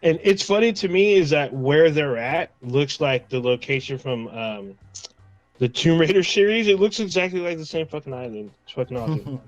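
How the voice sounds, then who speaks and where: A man's voice: a little high, expressive, normal speed, no echo, faint music behind, rough recording. A man co-hosting a podcast in casual chat. He rambles, swears freely and retells scenes along with his own quoted reactions. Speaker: podcast co-host.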